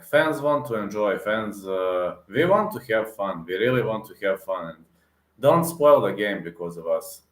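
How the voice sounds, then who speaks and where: In an echoey room, an MMA reaction vlogger with a fairly low-pitched voice goes on a heated, casual rant. Emphatic and repetitive, he keeps restarting, hesitating, and dropping in fillers.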